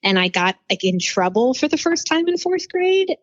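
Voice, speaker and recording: A woman's voice: high-pitched, sing-song, moderate pace, no echo. Young woman, teacher, rambling candid chat, muffled lo-fi sound, dry room. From New Orleans, USA. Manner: candid, rambling, self-deprecating. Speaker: fourth grade teacher, guest. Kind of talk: casual interview chat. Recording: dull lo-fi audio.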